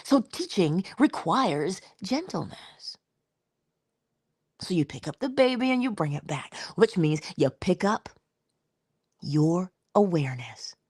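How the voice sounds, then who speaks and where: A middle-aged woman giving an inspirational spiritual talk in a conversational, expressive way, slipping into little acted-out quotes. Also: fairly low pitch, slow pace, husky, no room sound, clean studio sound. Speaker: inspirational speaker.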